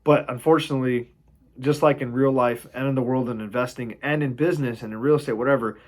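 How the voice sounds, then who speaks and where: A man casually explaining stock shorting, animated, swearing freely and acting out panicked traders. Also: medium pitch. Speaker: investing video host.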